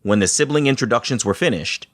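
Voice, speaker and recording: A man's voice: medium pitch, fast, no echo, clean studio sound. A man hosting a podcast, narrating the story and reacting to his guest with short replies. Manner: narrates in a lively voice, short reactions while listening. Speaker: podcast host. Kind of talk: scripted narration and interview.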